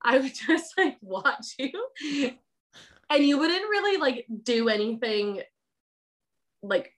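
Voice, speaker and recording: A woman's voice: sits high, big pitch swings, slow pace, a bit bright. A young woman guesting on a podcast who talks in a laid-back, laughing way with lots of fillers. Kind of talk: casual chat.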